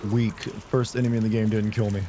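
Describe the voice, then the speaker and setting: A man with a hoarse, sick voice giving rambling, jokey commentary while streaming a game and chatting with viewers. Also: lowish voice, flat delivery, a little fast, mellow, a little hiss or hum. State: hoarse from a sore throat. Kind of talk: casual gameplay commentary.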